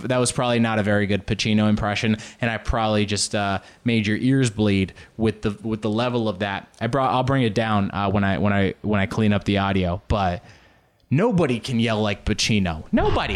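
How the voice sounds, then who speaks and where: A man telling casual, rambling stories on his own show, often jumping into loud comic impressions. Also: on the low side, a little fast. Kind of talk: casual solo storytelling.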